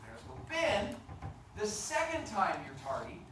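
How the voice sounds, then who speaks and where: A playful, mock-stern middle-aged man teaches his class, teasing students as he quizzes them. His voice swings widely in pitch. The recording is a very echoey classroom picked up from a distance with clear background noise. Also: wildly swooping pitch, normal speed. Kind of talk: classroom instruction. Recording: echoey classroom from far off, noisy.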